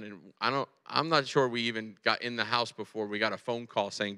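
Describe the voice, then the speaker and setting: A man in his forties preaching a sermon in a large hall, conversational and animated, often checking in with his listeners. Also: on the low side, fairly quick, hardly any pauses, clean tone. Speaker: pastor. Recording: long hall reverb.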